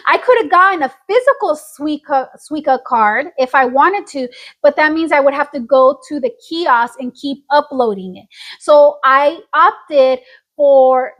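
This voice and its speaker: A woman, chatting casually as a podcast co-host and acting out the quotes in her stories. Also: sits high. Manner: animated storyteller, acts out quotes, laughs often. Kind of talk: casual chat.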